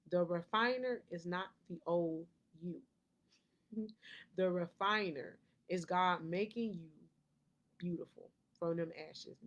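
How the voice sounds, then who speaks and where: A woman life coach giving a motivational faith talk to camera, preachy, repeating key lines and laughing often. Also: lowish voice.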